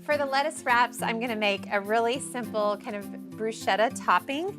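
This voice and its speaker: A woman's voice: fairly high pitch, moderate pace. A woman hosting a casual cooking demonstration in a home kitchen, chatty and playful as she talks with the crew. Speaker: cooking show host. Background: background music, sizzling pan.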